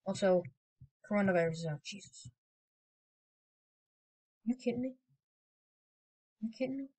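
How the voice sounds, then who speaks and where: Woman, gaming commentary, rambling, excitable, sudden loud outbursts, medium pitch. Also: unhurried, poor audio. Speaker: gaming video creator. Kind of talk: casual gameplay commentary.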